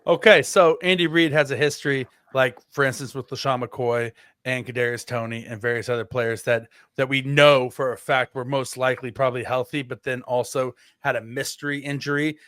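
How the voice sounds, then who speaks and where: A podcast co-host, a man on a casual sports show, talks in a rambling, filler-heavy way and often restarts to correct himself. His pitch is medium, his intonation fairly even, his pace a little fast, and his tone fairly bright. The sound is dry and cleanly studio-recorded.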